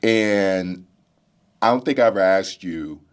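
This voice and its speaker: A man's voice: deep voice, takes it slowly, smooth. A man interviewing a friend in a casual conversation, talking earnestly and asking questions.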